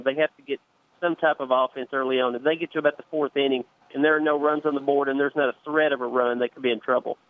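A man calling in to a sports radio show, relaxed and chatty, pausing on fillers as he talks. His voice sits a bit high and comes through a dull, muffled line. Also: dry recording. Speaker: newspaper sports reporter, phone-in guest. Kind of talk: casual radio interview. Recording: dull phone-line sound.

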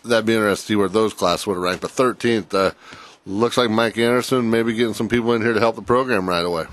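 A male sports radio co-host chats in a relaxed, rambling way. His voice sits on the low side. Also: quick pace, dry recording. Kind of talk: casual sports radio chat.

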